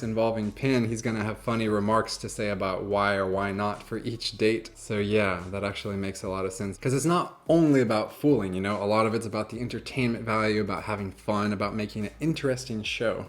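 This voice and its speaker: Chatty, laughing man vlogging. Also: on the low side. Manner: chatty, jokey, often laughing. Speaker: magician and YouTuber. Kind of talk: casual reaction vlog and fable reading.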